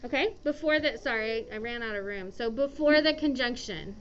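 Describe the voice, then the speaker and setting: High-voiced chatty woman teaching a class. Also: normal speed, slight background noise. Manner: chatty, checks in with okay. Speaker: English teacher. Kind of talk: classroom grammar lesson. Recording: dull lo-fi classroom recording.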